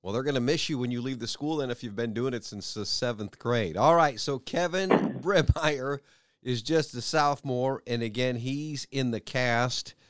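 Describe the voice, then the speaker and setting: A middle-aged male radio host runs a friendly local interview and keeps plugging show times. His voice is smooth and resonant, recorded close and dry in a studio. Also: medium pitch, moderate pace, no echo. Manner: chatty, plugs event details.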